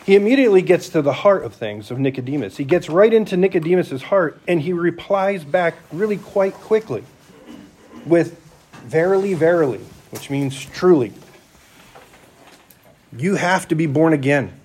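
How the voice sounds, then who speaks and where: A man's voice: on the high side, animated, normal speed, darkish tone, husky. A middle-aged man, a church elder, preaching a sermon in an explanatory, conversational way with restarts and asides.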